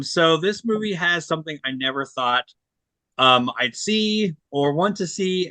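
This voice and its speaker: Bright-voiced man with blunt, rambling reviews. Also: mid-range voice, dry recording. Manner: rambling, filler-heavy, blunt critiques. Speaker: podcast co-host reviewing disc releases. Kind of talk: casual chat.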